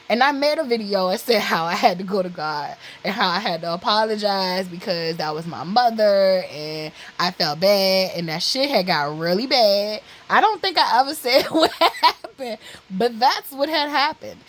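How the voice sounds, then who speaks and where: A woman's voice: medium pitch, animated, moderate pace, a little hiss or hum, low-quality recording. A woman vlogger telling a personal story candidly, blunt and profane, with lots of "like" and "literally" fillers.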